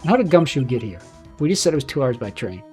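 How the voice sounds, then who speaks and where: Man, game streamer, reads dialogue aloud, chatty asides, middle-pitched voice, faint music behind. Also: very animated, fast talker, warm tone. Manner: chatty asides between read lines. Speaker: VTuber streamer.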